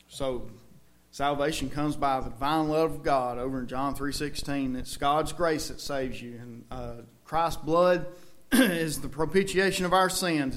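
A man's voice: on the high side, a bit bright. A man with a Southern US accent preaching a sermon in a church, folksy and conversational, with emphatic outbursts.

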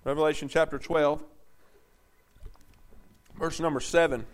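A man preaching a sermon, asking the congregation questions and swinging between loud bursts and low, intense talk. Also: animated, moderate pace. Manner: emphatic, call-and-response questions to the congregation.

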